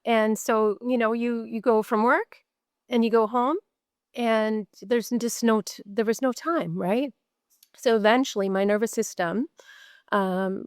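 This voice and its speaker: Earnest Canadian woman with a smooth voice. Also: a little high, fairly even intonation, measured pace, dry recording, clean studio sound. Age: middle-aged. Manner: earnest, candid, repeats words for emphasis. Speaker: guest, mental health nurse. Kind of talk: podcast interview storytelling.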